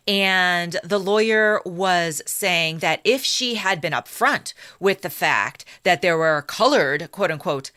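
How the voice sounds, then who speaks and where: A woman's voice: fairly low pitch, a bit bright, dry recording, clean studio sound. A woman co-hosting a casual history podcast, carefully retelling the story from her notes. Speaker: podcast co-host.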